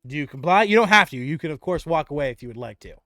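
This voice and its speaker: A man narrating a tabletop game as game master, lively and animated. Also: on the high side, racing, no room sound, clean studio sound, faint music behind.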